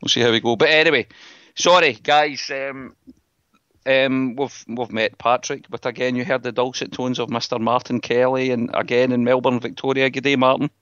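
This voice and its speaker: A man's voice: medium pitch, flat delivery, moderate pace, a bit bright, smooth, no room sound, muffled recording. A Scottish man hosting a podcast, chatting casually and joking with his co-hosts. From Scotland. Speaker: podcast host. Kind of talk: casual chat.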